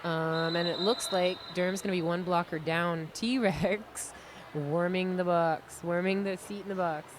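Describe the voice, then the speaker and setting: A woman's voice: lowish voice, fairly even intonation, measured pace, hardly any pauses, noisy background. A woman from Canada with a Maritime accent doing live roller derby commentary, chatty and self-deprecating. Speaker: roller derby announcer and skater. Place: indoor arena.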